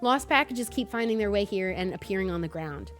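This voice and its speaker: Animated young woman, North Jersey accent. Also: mid-range voice, a little fast, faint music behind. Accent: North New Jersey. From North New Jersey. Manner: chatty, animated, self-deprecating. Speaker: streamer. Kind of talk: casual gaming commentary.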